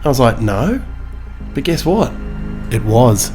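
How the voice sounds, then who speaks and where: A man's voice: medium pitch, expressive, normal speed, dark tone, faint music behind. A man telling a rambling, self-mocking comic story, full of fillers and restarts. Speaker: comedian.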